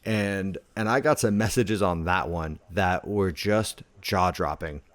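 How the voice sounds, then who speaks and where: A man with a low voice chats casually on a podcast, stringing his story together with plenty of filler words. He sounds relaxed and unhurried. The sound is dry and close, with no room echo. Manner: laid-back storytelling, heavy on filler words. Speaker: podcast co-host. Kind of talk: casual chat.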